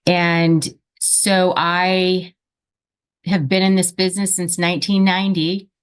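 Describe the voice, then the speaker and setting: Woman, 50s, chatty storyteller, low-ish voice, video call. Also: flat delivery, takes it slowly, smooth. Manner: chatty storyteller, acts out quoted speech. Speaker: real estate agent on a group call.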